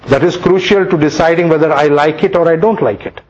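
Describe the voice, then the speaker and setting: A man teaching astrology to students, animated and full of rhetorical questions, sometimes acting out complaints. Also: fairly high pitch, brisk, few pauses, background noise. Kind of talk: lecture to students. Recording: dull lo-fi sound.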